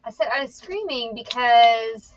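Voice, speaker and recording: A woman's voice: fairly high pitch, animated, unhurried, highs cut off, slight background noise. A woman co-hosting a reseller channel, chatting and joking casually while working.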